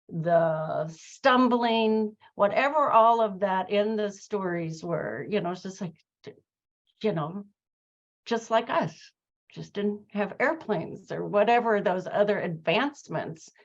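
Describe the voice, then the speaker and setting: A woman's voice: medium pitch, dull audio. A woman hosting a conversation who tells a personal story, reflective and full of fillers and restarts. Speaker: host. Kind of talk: conversational interview chat.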